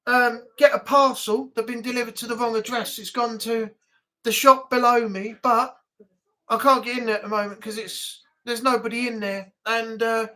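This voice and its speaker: A man's voice: extremely high pitch, level tone, normal speed, pushed and bright. A man hosting a casual live chat stream from home, chatty and grumbling, swearing now and then.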